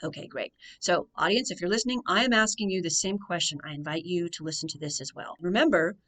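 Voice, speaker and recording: Woman, lower pitch, measured radio storytelling, repeats key phrases for emphasis. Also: a bit bright. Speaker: financial coach.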